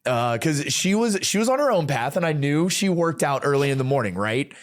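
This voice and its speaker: A man's voice: on the high side, big pitch swings, brisk, dry recording, clean studio sound. A middle-aged man, a podcast guest, telling a personal testimony in conversation, acting out quoted dialogue and stammering when emotional.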